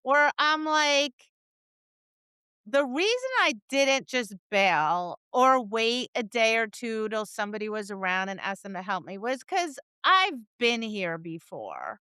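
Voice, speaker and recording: A woman co-hosting a dog training podcast, chatting casually and acting out her students and dogs in lively voices. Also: a little high, slow pace, clean tone, no room sound. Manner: animated storyteller, acts out voices, laughs and swears. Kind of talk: casual chat.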